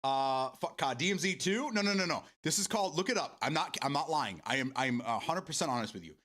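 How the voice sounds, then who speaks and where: Male streamer, loose chatty delivery with frequent laughter and cursing; bright, forceful tone with lively pitch. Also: fairly quick. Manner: laughs often, swears freely, talks to chat. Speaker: game streamer. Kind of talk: casual live-stream chat.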